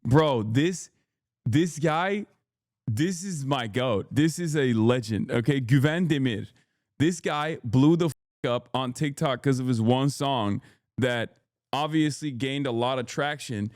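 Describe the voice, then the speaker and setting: A man's voice: medium pitch, measured pace, a little mellow, no room sound, studio quality. A man hosting a live stream in a casual, rambling, joking way, reading chat aloud and answering it as a political commentator. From United States. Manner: rambling, joking, loose and irreverent.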